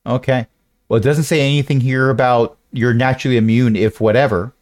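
A man as game master of a tabletop game, explaining rules and damage in a lively way. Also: medium pitch, fairly quick, dry recording.

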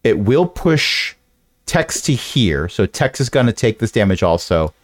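A man as game master of a tabletop game, explaining rules and damage in a lively way. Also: lowish voice, a little slow, dry recording.

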